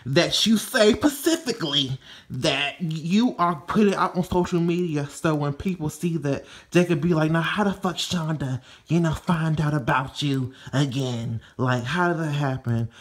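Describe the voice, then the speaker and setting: A man putting on a scheming woman giving sly, quick, conspiratorial advice. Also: a little high, natural voice.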